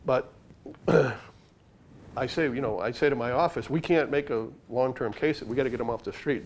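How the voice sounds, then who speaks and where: A man's voice: mid-range voice, slight background noise. Older man telling war stories. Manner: punchy, conversational, peppered with "okay?" to the audience. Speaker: author and former undercover agent giving a library talk. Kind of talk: storytelling talk to an audience. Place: library meeting room.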